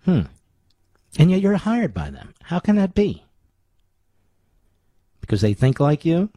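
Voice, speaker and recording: A man's voice: a little high, huge pitch swings, a little slow, dark tone, dry recording, clean studio sound. A man hosting a talk radio show, ranting sarcastically through rhetorical questions in an indignant monologue.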